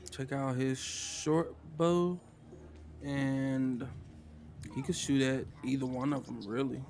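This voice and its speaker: A man's voice: mid-range voice, fairly even intonation, slow, darkish tone, faint music behind. Casual man running a tabletop game. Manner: casual, sighing, muttering to himself. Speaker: game master. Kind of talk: solo tabletop game narration.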